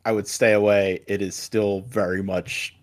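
A man hosting a casual movie chat, halting and repeating words as he starts sentences. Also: fairly low pitch, little pitch movement.

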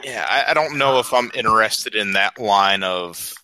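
A man in a relaxed, casual podcast chat, dotting his speech with ums and uhs. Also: lowish voice, normal speed, low-quality recording. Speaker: podcast co-host. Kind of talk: casual chat over a video call.

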